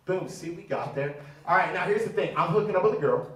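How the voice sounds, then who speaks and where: A man's voice: high voice, expressive, fast talker, fairly bright tone. A man in his thirties doing a brash, profane stand-up set and teasing the crowd, recorded on a comedy theater stage. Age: 30s. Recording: echoey room, mic from a distance.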